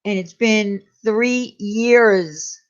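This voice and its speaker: A woman's voice: mid-range voice, very slow. Candid woman chatting live, lo-fi. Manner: candid, confiding, reads out viewer names. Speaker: live stream host. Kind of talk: casual live chat with viewers.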